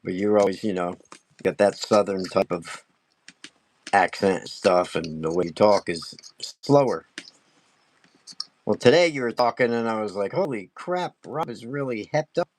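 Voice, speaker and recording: Fast-talking, excitable male carving teacher. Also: low voice, slight background noise. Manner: chatty, laughs often. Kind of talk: casual live-stream carving lesson.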